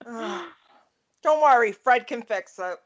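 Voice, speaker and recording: A woman's voice: fairly high pitch, slow pace, lo-fi sound. A middle-aged woman with a thick Queens, Long Island accent, co-hosting a casual podcast with lots of laughing and ranting. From New York. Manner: animated, laughing, rants. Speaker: podcast co-host. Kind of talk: casual chat.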